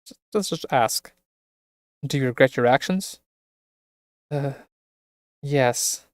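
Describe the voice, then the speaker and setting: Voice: medium pitch, slow, no room sound. A streamer on a close microphone reading a visual novel aloud, with wry asides.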